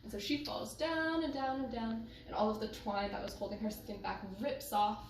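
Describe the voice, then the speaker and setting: A woman telling a folktale aloud, unhurried and leaning on emphatic repetition. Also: fairly high pitch, animated. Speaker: storyteller. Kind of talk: oral folktale storytelling. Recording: echoey room, distant mic, noisy background.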